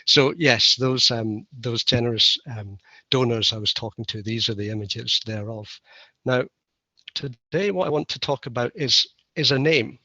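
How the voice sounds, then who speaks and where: A man delivers a conference keynote with a wry, self-deprecating manner. His voice is bright and edgy with a gravelly, husky grain. The recording is dry and somewhat muffled. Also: mid-range voice, normal speed, no room sound. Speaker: keynote speaker. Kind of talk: conference lecture.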